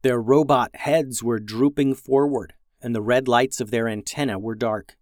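A man reading a children's adventure story in a gentle, even storytelling manner as a podcast host. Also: mid-range voice, normal speed, dry recording, studio quality. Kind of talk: scripted story narration.

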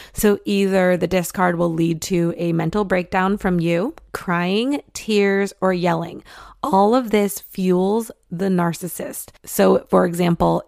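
Woman, low voice, vocal fry, dry recording, emphatic explainer talk. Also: darkish tone, no echo. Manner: acts out quoted voices, emphatic. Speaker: speaker explaining narcissistic abuse.

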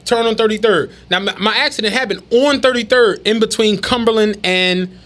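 Man, casual podcast chat, animated storyteller, heavy slang. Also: sits high, moderate pace. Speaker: podcast co-host.

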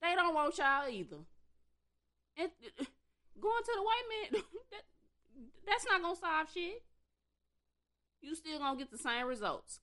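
Exasperated woman commentator, slow-paced, pitch all over the place. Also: fairly bright tone. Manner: exasperated, blunt, profane. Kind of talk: ranting commentary.

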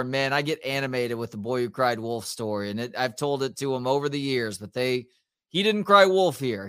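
A man co-hosts a relaxed sports talk show. He tells stories about his family with animated energy, and his voice sits at a middle pitch. The recording is dry and close to the mic. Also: smooth, no room sound. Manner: storytelling, animated retelling of family anecdotes. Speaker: podcast co-host.

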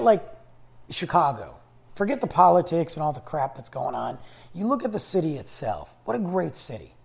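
Here a man with a creaky voice on the high side talks through a casual solo episode of his podcast. He wanders chattily from point to point and keeps restarting sentences, his voice fading.

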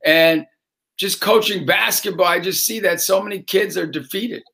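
With a high-pitched, gravelly voice at a moderate pace, this middle-aged motivational speaker and basketball coach delivers an animated story. He performs the voices of the people in it, laughing and shouting as he goes.

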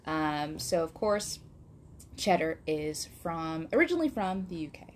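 A woman's voice: low voice, big pitch swings, a little slow, slight background noise. A woman from Wisconsin with a Wisconsin accent, co-hosting a podcast in a chatty, rambling way with lots of fillers and giggles. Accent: Wisconsin, upper Midwest US. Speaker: podcast co-host. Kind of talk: casual podcast chat.

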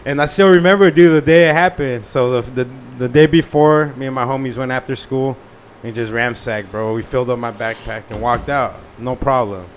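A young man telling a profane, animated story in casual slang. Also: mid-range voice, fairly quick, hardly any pauses, slight background noise.

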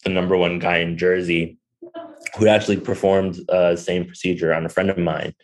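A man's voice: deep voice, little pitch movement, moderate pace, low-quality recording. A young man, a podcast guest and restaurant owner, telling a personal story candidly with lots of fillers. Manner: candid, rambling, many fillers. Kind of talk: conversational storytelling.

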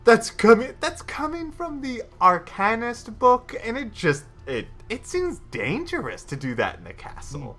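A man's voice: very high-pitched, wildly swooping pitch, measured pace, hardly any pauses, a bit bright, voice pushed up, exaggerated voice. A man voicing a nervous, evasive male magister who stammers and hedges. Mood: flustered. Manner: flustered, hedging, stammering.

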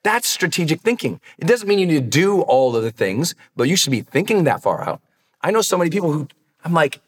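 A man's voice: on the high side, sing-song, fairly quick, breathy edge. Earnest male coach with echoing reverb. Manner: earnest, direct, coaching challenge with warm asides. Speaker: high performance coach. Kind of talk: motivational podcast talk.

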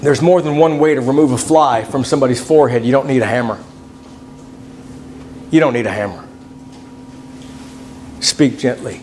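A man's voice: medium pitch, brisk, pauses often, a little mellow, a little hiss or hum. A male preacher giving a conversational sermon in church, addressing the congregation as folks and reading scripture aloud. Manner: folksy, conversational, quotes scripture in King James wording.

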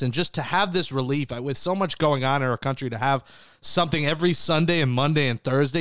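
Smooth-voiced man hosting a sports podcast. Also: a little high, dry recording, clean studio sound. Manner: easygoing, joking. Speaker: podcast host. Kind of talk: casual sports podcast chat.

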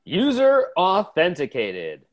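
A man's voice: sits high, wildly swooping pitch, takes it slowly, highs cut off, heavily acted. A man voicing a ship's onboard computer that answers in clipped announcements, in improv comedy. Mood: flat. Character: flat male ship computer voice.

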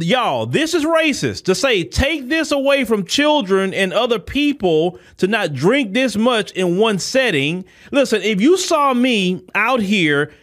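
A man with a high voice runs his own podcast. He preaches in a heated commentary, circling back over the same points and calling out directly to his listeners. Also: fairly bright tone. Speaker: podcast host. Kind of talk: impassioned commentary monologue.

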